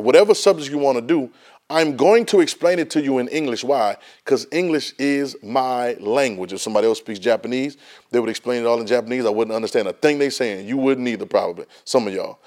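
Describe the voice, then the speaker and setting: Man, bible class teacher, folksy and emphatic, repeats words, mid-pitched voice. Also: darkish tone. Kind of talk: Bible study lesson, preaching.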